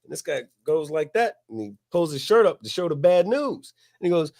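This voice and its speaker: A middle-aged man, hosting a podcast and telling a long, profane story in a relaxed way, laughing as he goes. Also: on the high side, a little fast, creaky, hardly any pauses. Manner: laid-back, profane, laughs at his own story. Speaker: podcast host. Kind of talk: casual storytelling.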